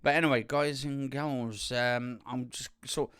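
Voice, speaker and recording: Guy chatting to his channel, lots of ums and restarts, smooth clear voice, dry sound. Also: mid-range voice, fairly even intonation, measured pace, fairly bright tone, no room sound. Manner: rambling with frequent fillers and restarts. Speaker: youtuber. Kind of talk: casual talk to camera. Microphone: studio condenser microphone.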